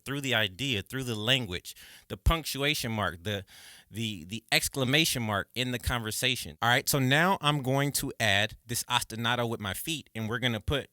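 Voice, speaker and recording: A man teaching drums in a casual video lesson, counting beats and calling stickings loudly, then chatting expressively. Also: medium pitch, no echo, clean studio sound. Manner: chatty, expressive, says okay and right often. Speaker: drum teacher.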